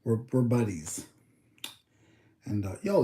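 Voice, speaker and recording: A man's voice: lowish voice, unhurried, mellow, reverberant. A young man from the States, chatting casually and rambling on his livestream. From United States. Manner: rambling, talks to chat, thinks aloud with numbers. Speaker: livestream host.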